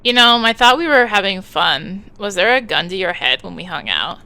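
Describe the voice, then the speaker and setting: A woman's voice: medium pitch, big pitch swings, moderate pace, dry recording. A woman voicing a hesitant, placating teenage boy in a game. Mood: defensive. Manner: soft, hesitant, defensive.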